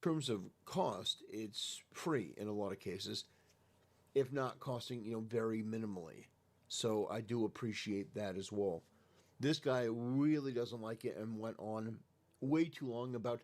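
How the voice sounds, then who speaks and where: Measured man complaining in a played clip. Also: medium pitch, darkish tone. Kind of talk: commentary on a past conversation.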